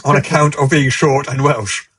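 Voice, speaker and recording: Host, male, husky voice, dry close sound, chatty and self-mocking. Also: mid-range voice, fairly even intonation, normal speed, fairly bright tone, no echo. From United Kingdom. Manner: chatty, self-deprecating, laughs often. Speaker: podcast host. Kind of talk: casual panel chat.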